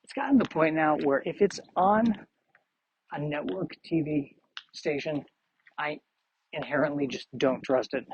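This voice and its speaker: A man's voice: on the high side, a little slow, long pauses, breathy edge. Rambling man podcasting on a walk. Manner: meandering, self-deprecating musings. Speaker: podcast host. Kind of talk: rambling solo podcast while walking. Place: outdoors on a street. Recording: muffled lo-fi outdoor recording.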